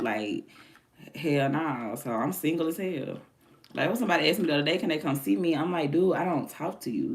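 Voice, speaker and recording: Candid woman chatting loosely with slang. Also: deep voice. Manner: candid, animated storytelling with slang. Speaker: livestream host. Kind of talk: casual chat.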